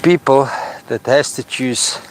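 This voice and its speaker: A South African man vlogging outdoors at an estuary, speaking earnestly and with feeling, slowing down to stress his points. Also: medium pitch, a little hiss or hum. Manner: earnest, impassioned, slow when stressing points. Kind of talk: outdoor vlog commentary.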